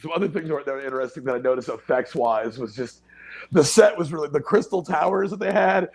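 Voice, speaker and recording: A man on a podcast with a husky, slightly raspy voice that sits a little higher than most. He chats in a loose, profane way, laughs often and drifts into "like" and "uh" as he goes. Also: brisk. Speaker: podcast guest. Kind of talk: casual chat.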